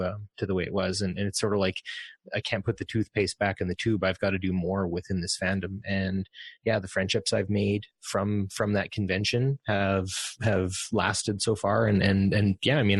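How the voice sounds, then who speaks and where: A man's voice: on the low side, breathy edge, no echo. A man, a podcast guest, telling stories in a casual interview, rambling with many restarts.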